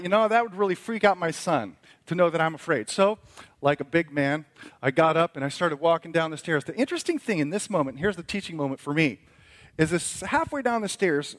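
A middle-aged man preaching a sermon as pastor, his voice sitting a little high for a man. He tells a story at length, starting in quiet reflection and building to emphatic preaching.

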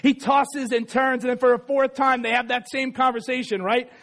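A man's voice: very high-pitched, flat delivery, moderate pace, a bit bright. A man in his thirties preaching a sermon in a chatty, self-deprecating way with many asides.

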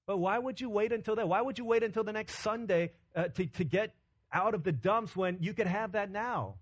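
A man preaching a sermon with animated delivery, acting out voices in quotes. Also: high-pitched, a little fast. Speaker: pastor.

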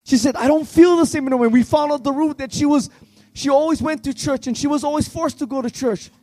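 Worship leader, man, high mellow voice, fervent and pleading, dry close sound. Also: a little fast, no echo. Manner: fervent, pleading, swings between shouting and hushed tones. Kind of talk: impassioned youth revival sermon.

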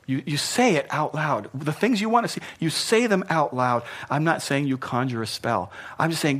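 A man's voice: mid-range voice, lively intonation, normal speed, few pauses. Earnest male pastor preaching. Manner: earnest, repeats phrases for emphasis, voice swings from soft to loud. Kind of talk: sermon. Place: church hall.

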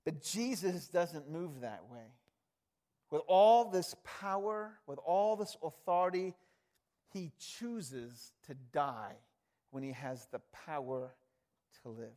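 Male preacher, higher pitch, emphatic conversational sermon delivery. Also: slow pace. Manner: emphatic, conversational, swings from loud to hushed.

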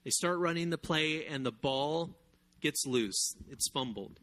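A male pastor preaching a sermon, who tells a story in animated, sometimes loud bursts. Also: a little high, measured pace. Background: guitar music.

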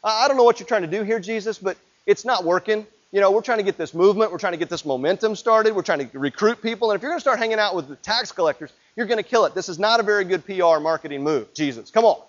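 A man voicing a group of male disciples who protest loudly and quickly to their leader, in a dull lo-fi recording. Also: high-pitched, close to an everyday voice. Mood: indignant. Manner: loud, rapid, exasperated pleading. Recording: dull lo-fi sound.

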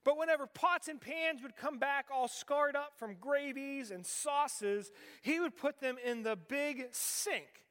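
Preaching in a large, echoing hall, a man in his forties from western Pennsylvania talks to his congregation informally and poses rhetorical questions. He speaks at a measured pace in an extremely high, somewhat bright voice.

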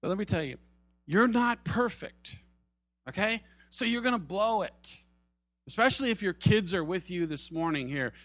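Animated pastor, a man with a higher voice. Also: normal speed, no room sound, faint music behind. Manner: animated, acts out quoted voices, drops to soft tones for emphasis. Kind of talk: sermon. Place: church service.

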